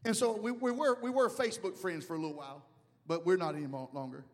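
Pastor, man, high lively voice, humorous preaching that swells to shouts, in a reverberant hall. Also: quick pace. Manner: animated, humorous, shouting at peaks. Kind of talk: sermon.

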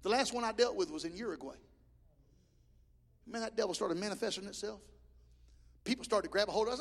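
A man preaching a Pentecostal sermon as pastor in a church, impassioned, with shouted peaks and stammered restarts. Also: high-pitched, fairly quick, gravelly, long pauses. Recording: long reverb of a large hall.

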